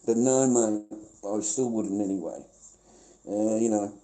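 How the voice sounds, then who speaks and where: A man's voice: lowish voice, fairly even intonation, measured pace, long pauses, mellow. An Australian man livestreaming a confrontational rant, swearing often and repeating himself as he talks to the camera. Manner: confrontational, profane, repetitive.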